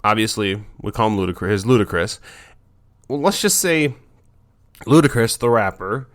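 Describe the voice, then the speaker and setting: A man's voice: on the low side, animated, normal speed, a bit bright. A man hosting a dog training podcast, talking in a loose, chatty monologue with many fillers and restarts.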